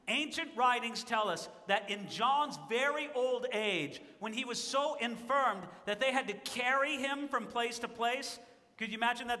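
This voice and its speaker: Male pastor, bright high voice, earnest sermon delivery, hall reverb. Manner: earnest, pleading, rising to emphatic.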